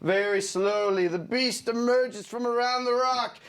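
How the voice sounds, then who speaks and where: A man pitching a storyboard scene, animated and laughing as he acts out voices and sound effects. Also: a little slow.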